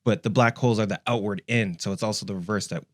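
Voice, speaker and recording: Relaxed producer sidekick, lowish voice, dry close mic, easy explaining. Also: male voice, fast, no echo. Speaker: podcast producer and co-host. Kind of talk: casual podcast chat.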